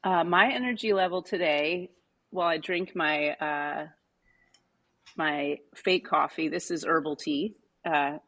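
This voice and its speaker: Female podcast host, fairly low-pitched, upbeat, steers the talk with questions. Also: a little slow, a bit bright. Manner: upbeat, asks questions, talks through fillers. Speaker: guest host. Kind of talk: casual podcast conversation.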